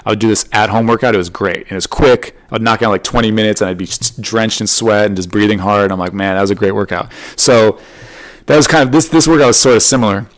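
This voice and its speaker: A man with a lowish voice talks through his material alone on a podcast. His delivery is loose and rambling, padded with "you know" and "like.". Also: quick pace. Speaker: comedian and podcast host. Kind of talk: casual solo monologue.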